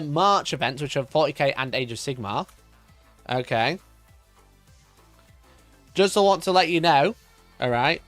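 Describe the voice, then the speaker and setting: A livestream host with a high-pitched, fairly bright voice chats casually, swears often, laughs, and reads chat aloud while ranting in mock outrage. His voice jumps up when he gets worked up, and the recording has no echo.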